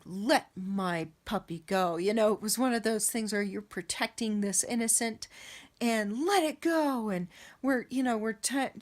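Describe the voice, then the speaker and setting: A woman telling a story about a dream in a casual, rambling way, with many pauses and restarts. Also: fairly high pitch. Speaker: vlogger recounting dreams. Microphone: camera.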